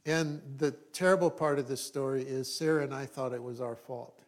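A man's voice: mid-range voice, steady tone, moderate pace. Middle-aged man preaching a conversational sermon. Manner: conversational, with wry humorous asides and restarts. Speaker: pastor.

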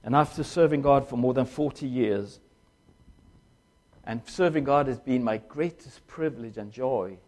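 Older male former preacher, emotional testimony, halting short phrases, mid-pitched voice. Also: darkish tone. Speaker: former pastor and missionary. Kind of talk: personal testimony.

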